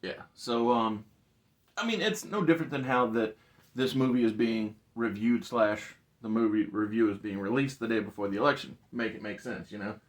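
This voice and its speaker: A man co-hosting a casual movie review chat, talkative and quick to laugh. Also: on the low side. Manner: laughs often, chatty. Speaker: podcast co-host.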